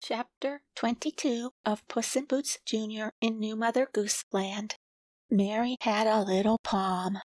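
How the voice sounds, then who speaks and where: A woman reading a children's storybook aloud, slowly and gently. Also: a little high, steady tone, no room sound, poor audio. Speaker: audiobook reader. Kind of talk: storybook narration.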